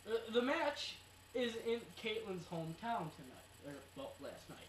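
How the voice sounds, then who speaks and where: A playful, giggly co-host of a casual recap show who is quick to tease. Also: medium pitch, big pitch swings, distant mic. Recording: roomy amateur recording with faint noise.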